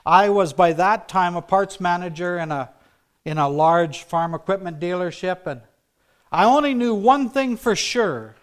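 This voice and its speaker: A man preaching a sermon built on his own testimony, telling it earnestly and dropping to a hush for emphasis. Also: sits high, animated, measured pace, smooth.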